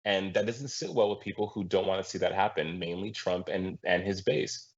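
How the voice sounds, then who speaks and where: A male guest commentator on a political talk show, speaking in an impassioned, halting way with many restarts. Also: deep voice. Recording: muffled lo-fi audio.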